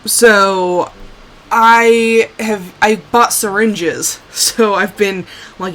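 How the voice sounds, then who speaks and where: A woman's voice: medium pitch, steady tone, slow pace, a little hiss or hum. Tired, rambling woman streamer. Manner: rambling, sighing, trailing off into quiet asides. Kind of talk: casual live-stream chat while playing.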